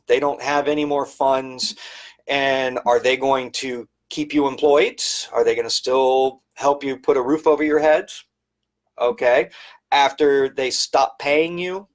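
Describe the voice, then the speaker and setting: A man's voice: mid-range voice, steady tone, a little slow. A middle-aged man giving a live-streamed talk as an educator, telling workplace stories in a conversational, emphatic storytelling manner. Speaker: private service educator.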